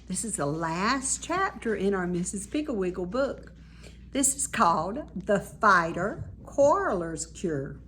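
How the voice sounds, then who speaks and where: A woman, a teacher, reading a children's chapter book aloud with expressive storytelling. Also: mid-range voice, measured pace, slight background noise.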